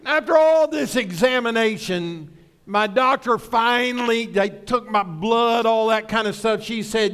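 A middle-aged man preaching a sermon as pastor, slow and deliberate, mixing scripture with humorous stories. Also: high voice, a bit bright, clear, resonant tone. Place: church sanctuary.

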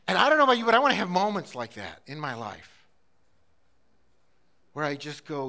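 High, bright-voiced impassioned male pastor. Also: expressive, brisk, vocal fry, long pauses. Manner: impassioned, swinging between loud urgency and hushed intimacy. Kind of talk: sermon.

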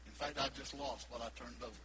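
A pastor preaching a sermon, swinging from loud emphatic peaks to hushed asides. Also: male voice, mid-range voice, steady tone, quick pace, heavy background noise. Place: church sanctuary.

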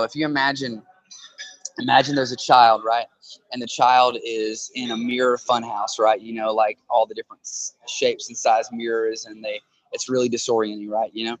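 A man's voice: mid-range voice, little pitch movement, brisk, fairly bright tone, poor audio. Earnest man explaining with analogies. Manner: earnest, explains with analogies, keeps asking "right?". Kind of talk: casual conversation. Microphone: handheld phone.

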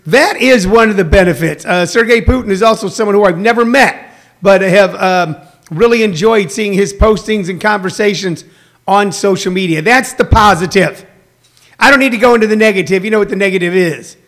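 High-voiced rambling male stream host. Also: a bit bright. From Missouri, US. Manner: rambling, halting, full of filler sounds, greets viewers by name. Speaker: host of an online show. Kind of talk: casual live-stream chat.

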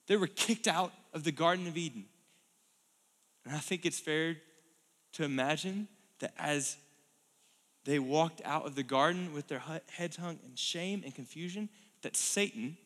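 A man preaching a sermon as a pastor, animated storytelling that acts out the scene. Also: a little high, measured pace, pauses often. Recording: long hall reverb.

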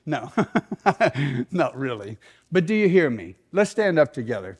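A middle-aged man, a pastor preaching a sermon in an animated way that sinks into soft prayerful tones. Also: fairly high pitch, normal speed, slightly rough.

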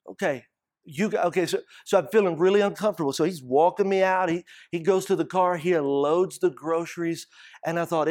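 A man's voice: fairly high pitch, no echo, studio quality. A man preaching a sermon, telling stories and repeating phrases for emphasis. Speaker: pastor.

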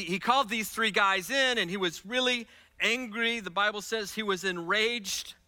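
A man's voice: high-pitched, bright, forceful tone. A man preaching a sermon to his congregation, passionate and repeating phrases for emphasis. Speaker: pastor.

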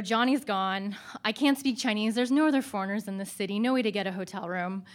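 A woman's voice: mid-range voice, brisk. Woman telling a self-mocking personal story. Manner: animated, self-mocking, laughing through the funny parts.

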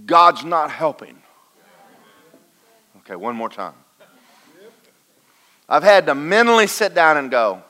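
Animated preacher, high and lively. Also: male voice, takes it slowly, pauses often. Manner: folksy, animated preaching with swings from loud to quiet. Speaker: pastor. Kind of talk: sermon. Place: church in front of a congregation.

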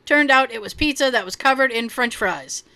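A woman's voice: a little high, moderate pace, sharp tone. A woman co-hosting a casual podcast, reading listener stories aloud, often laughing and swearing casually. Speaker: podcast co-host.

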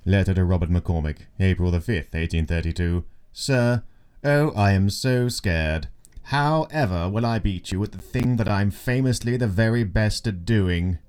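A man's voice: low voice, normal speed, hardly any pauses, warm tone, clean tone, close to an everyday voice. A man playing a smug young naturalist who answers with dry, terse sarcasm in a comic audio drama. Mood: sarcastic.

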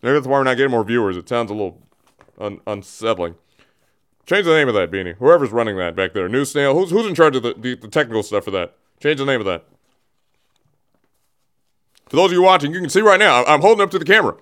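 A man's voice: medium pitch, sing-song, quick pace, pauses often, a bit bright, smooth. A man hosting a radio show, rambling and joking as he builds up a tease, often restarting his sentences, speaking into a studio microphone. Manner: rambling, jokey, teasing, restarts mid-thought. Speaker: radio host. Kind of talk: casual radio monologue. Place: radio studio, also streamed on camera.

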